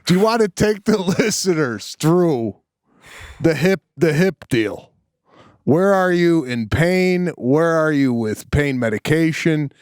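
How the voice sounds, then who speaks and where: A man co-hosting a comedy podcast who teases and questions his partner with deadpan ribbing. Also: on the high side, slow, clean tone, no echo, clean studio sound. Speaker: podcast co-host. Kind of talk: casual comedic chat.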